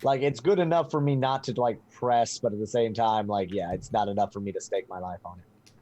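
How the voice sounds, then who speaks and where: Low-voiced casual man playing a tabletop game. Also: a little fast, dark tone. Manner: casual, blunt. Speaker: player.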